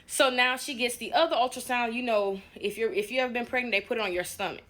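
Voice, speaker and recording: A woman's voice: a little high, fast, fairly bright tone. A young woman telling a story-time account in a conversational retelling, acting out quoted dialogue. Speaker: storyteller in clip.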